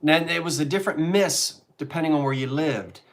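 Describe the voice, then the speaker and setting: A man's voice: on the high side, a little fast. A middle-aged man from the Delaware Valley with a Philadelphia accent, chatting casually and reminiscing on a live antiques stream. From Delaware Valley, USA. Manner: chatty, reminiscing, jokey asides. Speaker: co-host selling antiques.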